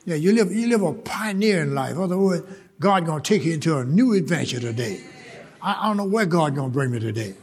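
A man preaching a sermon in church, shouting and laughing as he urges the congregation to laugh along. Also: fairly high pitch, lively intonation, fast talker. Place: church service. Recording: live in church with crowd noise.

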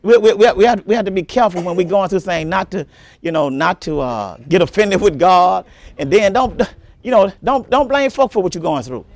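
A male pastor preaching a sermon with emphatic delivery, repeating phrases and breaking into shouts. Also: high-pitched, animated, a little fast.

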